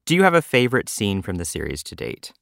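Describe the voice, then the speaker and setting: A man interviewing an actress, playful and laughing along as he asks quick game questions. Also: lowish voice, wildly swooping pitch, gravelly, a bit bright, no room sound, studio quality. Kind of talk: casual interview.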